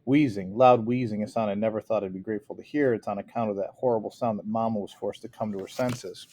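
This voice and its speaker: A man's voice: lowish voice, fairly even intonation, fast talker, a little mellow. A man reading a novel aloud in an unpolished way, with frequent restarts and small slips. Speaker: audiobook reader.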